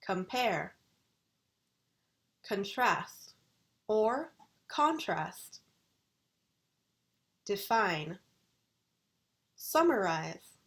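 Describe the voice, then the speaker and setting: A woman university English lecturer recording a video lesson, enunciating vocabulary words slowly and deliberately. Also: mid-range voice, sing-song, fairly bright tone.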